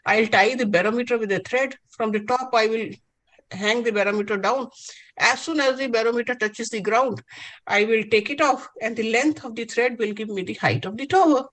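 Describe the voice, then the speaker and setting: A man's voice: extremely high pitch, brisk, fairly bright tone, rough recording. A woman voicing a clever, cheeky young male science student who patiently explains his answers. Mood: cheeky explaining.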